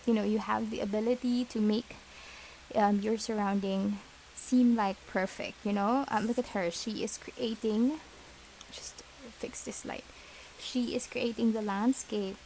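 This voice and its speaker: A woman giving a gentle, reassuring pick-a-card tarot reading, talking to her viewers with many fillers. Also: mid-range voice, steady tone, measured pace, vocal fry, slight background noise, rough recording. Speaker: tarot reader.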